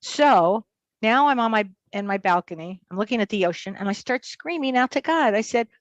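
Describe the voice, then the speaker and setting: A lively woman recounts her own story in a quick, expressive way, with a voice in the middle of the usual range. Her delivery is animated and full of acted-out dialogue. The sound is close and dry, with no room echo. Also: mid-range voice. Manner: fast, vivid storyteller who acts out dialogue. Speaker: medium, interview guest.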